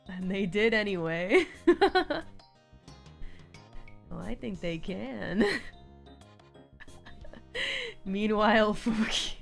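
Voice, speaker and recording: A woman hosting a relaxed live stream from home, chatting casually, laughing often and cooing at her cat. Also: medium pitch, drawn-out words, vocal fry, long pauses. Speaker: livestream host. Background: faint background music.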